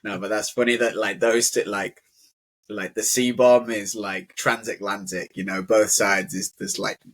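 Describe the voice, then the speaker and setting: Young guy chatting through an english lesson, lowish voice, says like constantly. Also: fairly even intonation, measured pace, fairly bright tone. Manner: chatty, fills speech with "like". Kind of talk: casual conversational teaching.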